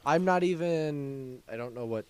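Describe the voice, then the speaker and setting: Young male co-host, excitable, gushes and acts out reactions, mid pitch. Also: a little slow, clean tone, no echo. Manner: excitable, gushing, acts out his own reactions. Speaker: podcast co-host. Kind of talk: casual gaming chat.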